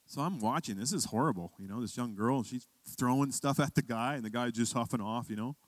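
A man's voice: medium pitch, fairly quick, no echo. A man preaching a sermon, telling a personal story conversationally and building to emphatic questions for his church. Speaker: pastor.

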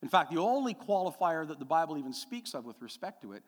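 Pastor preaching with lively, rising emphasis. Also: male voice, fairly high pitch, fast, big-room sound. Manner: storytelling, rising to emphatic repeated declarations. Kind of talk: sermon.

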